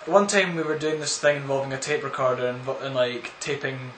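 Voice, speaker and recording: A man's voice: mid-range voice, steady tone, brisk, fairly bright tone, a little hiss or hum. A man answering viewer questions in a casual, rambling vlog, full of crude, absurd jokes. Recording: echoey room.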